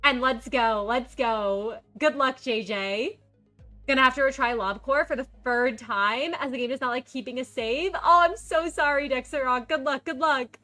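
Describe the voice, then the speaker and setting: A bubbly woman streamer chatting casually with her viewers, reading their messages aloud and greeting newcomers into a desk microphone. Her voice is high and bright, with faint music playing behind her. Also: normal speed. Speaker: game streamer. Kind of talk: casual live-stream chat.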